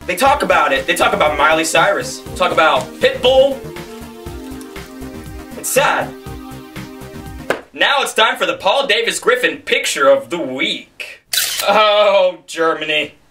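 A man rants goofily in mock-serious tones, often stumbling over his restarts. His voice is bright and sharp, with a lively, swinging pitch. He sounds distant from the mic, with faint music behind. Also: unhurried, long pauses. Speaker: guest co-host. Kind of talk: absurd comedy rant.

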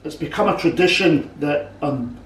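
A man with a fairly high voice talks through a recipe in a home kitchen, stopping and restarting his sentences as he explains. He stands back from the camera mic, so the room rings around him. A faint hum sits under his voice. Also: fairly bright tone, far from the mic. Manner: halting, many restarts, explains patiently. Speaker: cook and co-host. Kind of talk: casual cooking chat. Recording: roomy kitchen sound from off-mic.

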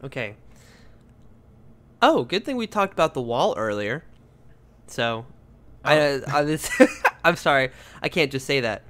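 A man's voice: medium pitch, big pitch swings, a little slow, pauses often, bright, forceful tone. A man co-hosting a podcast in casual comedic banter, rambling and joking, often laughing. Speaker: podcast co-host.

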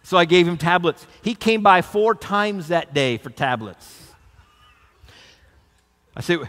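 A man's voice: high voice, expressive, a little slow, a bit bright, long reverb tail. A man preaching as a pastor, telling a story and leading an earnest prayer. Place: large tent meeting with long reverb.

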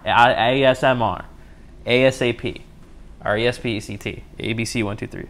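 This time the young solo podcaster talks at normal speed, medium-pitched with fairly even intonation and a bit of brightness. He stays rambling and jokey, mocking himself and often restarting sentences.

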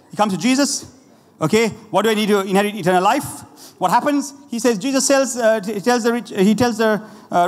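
A man preaching a lively, conversational sermon, laughing often and talking straight to the congregation, with a Sri Lankan accent. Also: sits high. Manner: animated, laughing often, asides to the audience. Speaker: pastor. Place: church hall. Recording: roomy church hall with faint ambience.

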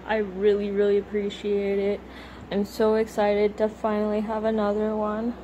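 A young woman filming a casual unboxing vlog at home, gushing and a bit self-conscious, her voice slightly rough from a cold. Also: medium pitch, completely flat delivery, moderate pace, mellow, a little hiss or hum, poor audio. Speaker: vlogger unboxing plush toys. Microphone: camera or phone camera.

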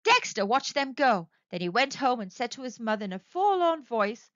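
A woman narrating a children's story aloud in an expressive, sing-song way. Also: medium pitch, moderate pace, no echo, lo-fi sound.

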